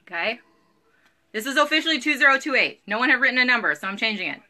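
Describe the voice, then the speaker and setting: Woman, 30s, bubbly live seller; bright, lively, slightly high voice. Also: fast talker. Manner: bubbly, chatty, giggly, uses y'all. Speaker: live online clothing seller. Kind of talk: live sales stream chat.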